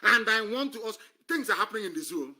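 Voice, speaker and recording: A man's voice: high voice, animated, fast, sharp tone. A man speaking on a live stream, delivering an impassioned political monologue, scornful and emphatic, who repeats phrases for effect. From Nigeria.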